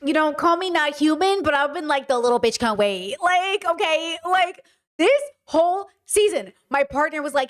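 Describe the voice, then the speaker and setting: High-voiced ranting woman streamer. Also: lively intonation, normal speed, fairly bright tone. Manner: blunt, swears a lot, heated ranting. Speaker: streamer reacting to a video. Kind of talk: casual live-stream reaction.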